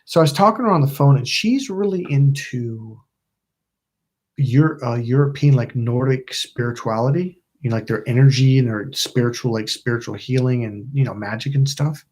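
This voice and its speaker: A man's voice: medium pitch, moderate pace, a little mellow. A middle-aged man from California hosting his channel, telling a rambling story with lots of swearing and acted-out quotes. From Napa, California. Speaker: channel host. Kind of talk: casual storytelling livestream.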